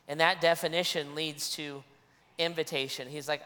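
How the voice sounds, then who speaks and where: A man's voice: fairly high pitch, steady tone, normal speed, pushed and bright, in a large hall. A man preaching a sermon as a pastor, earnest, often restarting and repeating his phrases.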